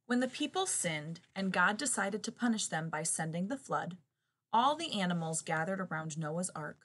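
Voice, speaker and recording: A woman reading a children's picture book aloud in an expressive, lively way. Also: on the low side, moderate pace.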